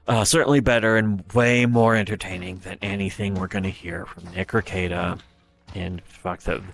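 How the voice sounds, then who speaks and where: A man's voice: low voice, fairly even intonation, normal speed, gravelly, fairly bright tone, slight background noise. A man giving rambling, profane livestream commentary, retelling scenes with quoted voices. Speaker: streamer.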